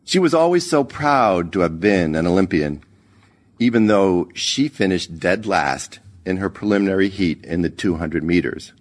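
A man narrating a short story in a measured, expressive reading. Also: lowish voice.

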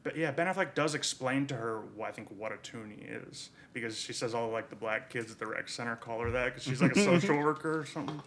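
A man's voice: mid-range voice, quick pace, hardly any pauses, a bit bright, a little hiss or hum. A man co-hosting a podcast, rambling with many fillers and trailing off in casual chat. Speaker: podcast co-host.

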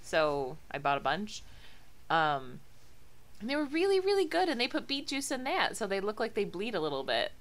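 Dry, teasing woman with a lively voice. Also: medium pitch, normal speed. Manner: dry, teasing, laughs often. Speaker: podcast co-host. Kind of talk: casual podcast chat.

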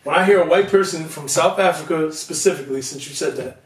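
A man's voice: on the high side, fast talker, recorded from a distance. Casual podcast co-host, male, ribs his partner in loose slang; mic set back in a roomy space. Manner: teasing, joking, loose slang. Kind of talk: casual banter.

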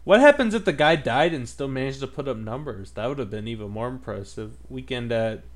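A man's voice: mid-range voice, lively intonation, a little fast. Male co-host, mid-range voice, loose jokey rambler. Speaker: podcast co-host. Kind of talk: casual chat.

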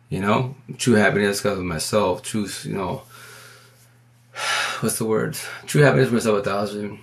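A man talking into his phone on a livestream, rambling in a casual, slangy way and talking fast. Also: fairly low pitch, steady tone, vocal fry. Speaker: livestream host.

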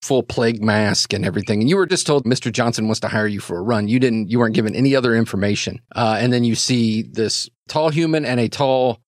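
A man's voice: mid-range voice, fast talker, few pauses, no echo. Male game master, casual narration, dry close sound. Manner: casual, conversational narration with voiced asides. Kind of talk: narrating a tabletop role-playing game.

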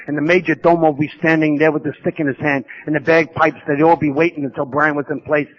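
A man with a somewhat high voice tells his life story to a conference audience. He mocks himself and keeps repeating vivid details. The old tape sounds muffled and dull. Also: little pitch movement, quick pace. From New York. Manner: humorous, self-mocking storytelling with vivid repetition. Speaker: speaker sharing his recovery story. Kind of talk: storytelling talk at a recovery conference.

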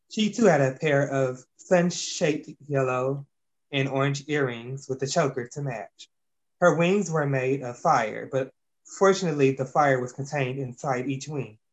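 A man reading an amateur fantasy story aloud, stumbling and correcting himself as he goes. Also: medium pitch. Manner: reads with slips and self-corrections. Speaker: narrator.

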